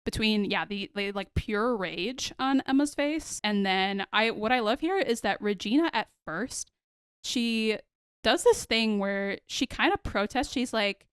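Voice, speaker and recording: Animated woman recapping a show, smooth voice. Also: mid-range voice, unhurried, dry recording, studio quality. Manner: animated, acts out characters' lines, addresses listeners as y'all. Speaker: podcast host. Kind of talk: casual chat recapping a TV episode.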